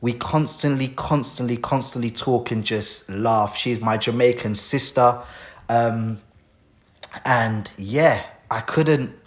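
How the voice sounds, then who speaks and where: A man's voice: medium pitch, takes it slowly. Emotional man hosting a live stream. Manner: heartfelt, emotional, thanks people warmly. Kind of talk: casual live stream talk.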